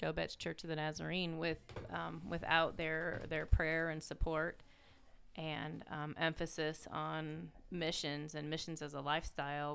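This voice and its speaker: A woman's voice: low-pitched, gravelly, a bit bright, a little hiss or hum. A woman guest in a casual interview, telling stories in an earnest, heartfelt way.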